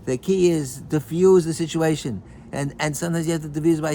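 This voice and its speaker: Gravelly rabbi giving a halting sermon. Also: male voice, steady tone, mellow, slight background noise. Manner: halting, many repeated words and restarts; acts out quoted voices with rising pitch.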